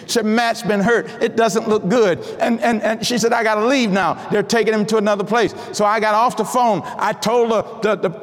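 A high-pitched middle-aged man preaches in a big space with a long echo trailing his words. He drops to near whispers, then bursts into shouts, stumbling through repeated restarts as he tells his story. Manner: dramatic swings from hushed asides to shouted declarations, many repeated restarts. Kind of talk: sermon with personal testimony. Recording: long hall reverb.

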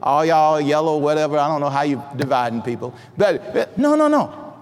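A high-pitched middle-aged man preaches in a big space with a long echo trailing his words. He drops to near whispers, then bursts into shouts, stumbling through repeated restarts as he tells his story. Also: animated, normal speed. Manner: dramatic swings from hushed asides to shouted declarations, many repeated restarts. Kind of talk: sermon with personal testimony. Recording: long hall reverb.

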